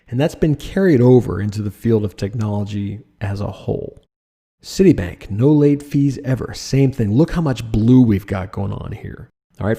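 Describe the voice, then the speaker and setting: A man teaching a design lesson over slides, lively and emphatic, often asking the listener rhetorical questions. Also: mid-range voice. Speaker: design instructor.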